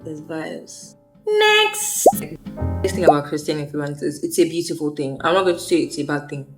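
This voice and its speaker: A woman's voice: low-pitched, fairly even intonation, fast, soft background music. Chatty young woman vlogging about faith. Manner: chatty, rambling, slangy. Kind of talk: casual faith vlog monologue.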